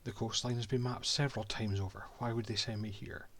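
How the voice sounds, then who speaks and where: A man's voice: fairly low pitch, fairly even intonation, a little fast, slight background noise, lightly acted. A Scottish man voicing a haughty male cartographer and reading his old-fashioned diary aloud from a game.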